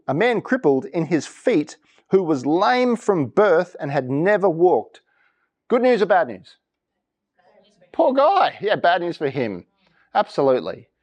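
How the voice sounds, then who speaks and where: Lively man preaching interactively. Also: fairly high pitch. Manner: lively, asks congregation for reactions. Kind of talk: interactive sermon. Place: church.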